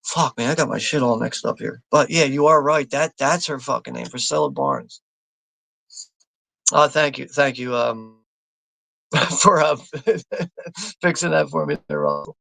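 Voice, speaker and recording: A man's voice: mid-range voice, animated, measured pace, gravelly, pauses often, pushed and bright, no echo. An American man hosting a live movie watch party, rambling, swearing a lot and laughing as he reads out chat comments. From United States.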